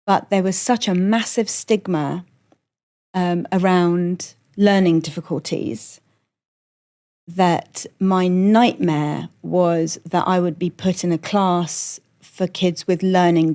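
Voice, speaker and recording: Middle-aged woman, middle-class English accent, comedian guest, animated and self-mocking, quick asides. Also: on the low side. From London, England. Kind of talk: candid conversational storytelling.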